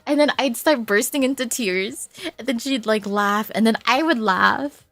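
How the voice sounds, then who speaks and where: Soft-spoken teary woman streamer, gravelly. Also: a little high, normal speed, dry recording. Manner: soft, emotional, laughs often, teary. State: crying. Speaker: VTuber streamer. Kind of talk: casual chat with viewers.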